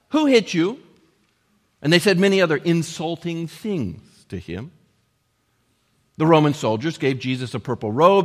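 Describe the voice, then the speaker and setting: A man preaching a sermon, earnest, raising his voice for quoted lines and dropping to a hush at the ends of points. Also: fairly high pitch. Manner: earnest, rising to emphatic quotes and dropping to hushed endings. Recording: long hall reverb.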